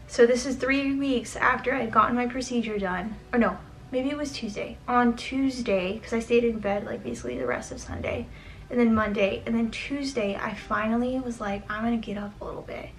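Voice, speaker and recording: A woman's voice: fairly high pitch, normal speed, rough recording. Earnest young woman chatting to camera. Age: young adult. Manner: chatty and earnest, many "like" fillers. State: getting emotional, close to tears. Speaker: vlogger. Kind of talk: sit-down health update vlog.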